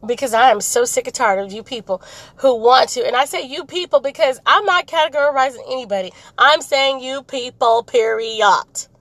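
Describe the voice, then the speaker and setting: Recording her podcast from the car amid road noise, this woman rants openly, blunt and rambling, hammering her points by saying them again and again. Her high voice moves at a normal speed with a fairly bright tone, and the recording is dry and low in quality.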